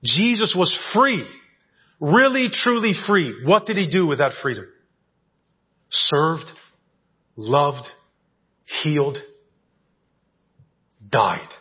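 Slow and sing-song, with long pauses, this male pastor's somewhat high, breathy voice carries through a conversational sermon. He often checks in with the congregation in the church sanctuary, captured on dull lo-fi church audio.

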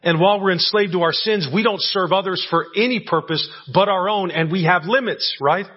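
In a dull, lo-fi recording from a church sanctuary, a man preaches a chatty sermon and keeps checking in with his congregation. He speaks briskly in a high-pitched voice with a breathy edge.

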